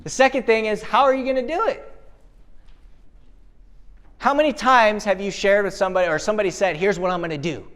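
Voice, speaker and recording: A man with a fairly high voice delivers a live motivational keynote, punchy and energetic. He keeps throwing rhetorical questions at the crowd and answering them himself. It is a speech from an event venue. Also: brisk, long pauses, clear, resonant tone. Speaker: motivational speaker.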